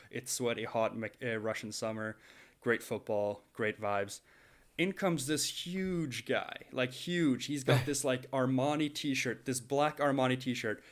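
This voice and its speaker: Co-hosting a casual podcast, a young man with an ordinary middle-pitched voice tells a long story with lively energy. He laughs often and keeps restarting his sentences.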